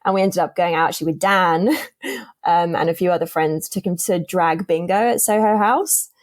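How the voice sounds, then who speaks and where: A young woman appears as a podcast guest, telling a dating story in easygoing conversation and dramatizing the other people's lines. Her voice is on the low side, at a moderate pace.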